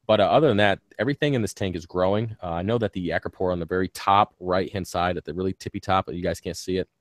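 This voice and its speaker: A man's voice: deep voice, fast, no echo, clean studio sound. A man hosting a casual live-stream Q&A about his reef tanks, rambling with lots of ums and casual swearing, talking with a slight lisp from a bitten tongue. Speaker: reef aquarium channel host.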